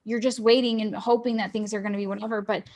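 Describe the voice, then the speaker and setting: A woman's voice: medium pitch, level tone, fast, a little mellow. A young woman co-host reflecting earnestly in a casual discussion, thinking aloud as she talks.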